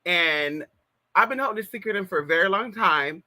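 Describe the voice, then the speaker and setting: On a casual stream with a plug-in mic, a trans woman from California in her thirties spills a gossipy story to her audience, throwing in lots of "girl" and "y'all." Her mid-range voice is expressive, fairly quick, bright and forceful.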